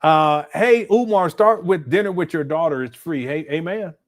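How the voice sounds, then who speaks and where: Colloquial livestream host, incredulous commentary. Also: male voice, on the high side, moderate pace. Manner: incredulous, colloquial, stammers and repeats. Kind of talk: casual commentary.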